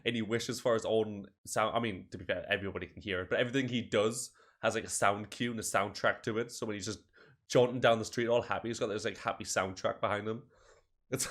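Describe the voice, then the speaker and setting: A man at a tabletop game table who talks in long rambling stretches and joking rants. His voice sits fairly low and stays casual throughout. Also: fairly even intonation, quick pace, fairly bright tone.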